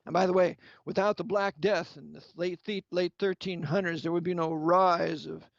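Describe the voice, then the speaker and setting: A man's voice: high-pitched, fairly even intonation, normal speed, gravelly, no room sound. A man delivering an impassioned sermon-style lecture, angry and emphatic, firing rhetorical questions at the listener. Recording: dull, lo-fi, dry sound.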